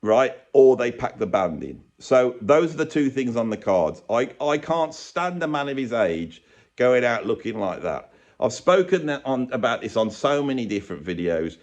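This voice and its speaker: A man ranting sarcastically in a rambling vlog, filmed in a room with bare brick walls. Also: medium pitch. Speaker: YouTuber and drummer.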